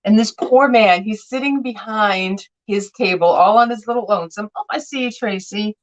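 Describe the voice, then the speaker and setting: A woman's voice: medium pitch, moderate pace, low-quality recording. A woman selling vintage glass on a live sale, chatting and telling stories with playful voiced quotes.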